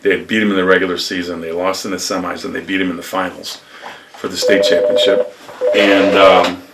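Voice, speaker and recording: An older man from upstate New York, a former lacrosse coach, telling rambling stories in an interview with lively acted quotes. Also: low voice, a little fast, creaky, distant mic, very noisy. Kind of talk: storytelling interview.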